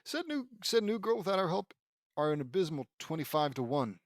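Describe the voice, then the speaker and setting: A man's voice: fairly high pitch, very animated, a little fast, no echo, clean studio sound. A man reading a fan fiction audiobook, voicing a brainy, bossy girl who talks in precise, matter-of-fact terms. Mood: know-it-all.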